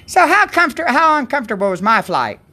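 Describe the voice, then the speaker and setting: A woman's voice: sits high, big pitch swings, fairly quick, over music. A woman hosting a Christian livestream, in a rambling, chatty way that keeps interrupting itself. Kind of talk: casual devotional chat.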